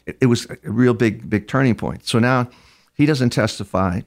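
A man's voice: mid-range voice, moderate pace. An older man, a criminal profiler guest in an interview, telling stories conversationally with frequent restarts and repeated words. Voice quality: gravelly. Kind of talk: conversational storytelling.

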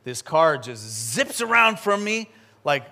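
High bright-voiced preacher telling a story. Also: male voice. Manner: animated storytelling with quick asides. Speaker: pastor. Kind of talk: sermon.

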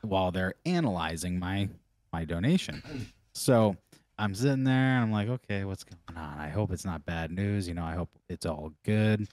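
A man's voice: deep voice, animated, normal speed, a little mellow, no echo. A man co-hosting a podcast, telling a loose, rambling story with lots of laughter. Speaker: podcast co-host. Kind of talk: casual storytelling chat.

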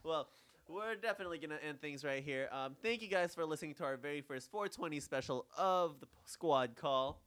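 A man's voice: fairly high pitch, quick pace, a bit bright. A man hosting a casual podcast with friends, talking in a laid-back, rambling way with fillers and restarts. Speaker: podcast host.

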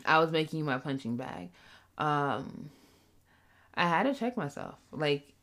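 Podcast co-host, woman, lower voice, lively storytelling, mimics her partner. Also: moderate pace. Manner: animated, acts out her partner's voice. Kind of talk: casual couples chat.

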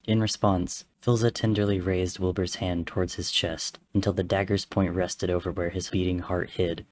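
A man narrating an audiobook-style story in a measured, somber way. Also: deep voice, little pitch movement. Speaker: story reader. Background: faint music.

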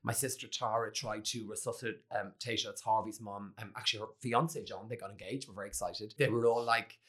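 A man hosting a conversation, gentle and reflective. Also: fairly low pitch, brisk. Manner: gentle, turns animated when storytelling. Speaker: host. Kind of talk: podcast conversation.

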